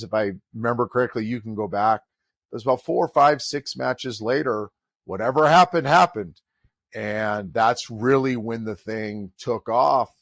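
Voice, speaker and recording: In a clean, echo-free studio recording, a middle-aged man who coaches college volleyball spins a story on a podcast. His voice sits on the low side, and he animatedly performs the dialogue of the people he quotes.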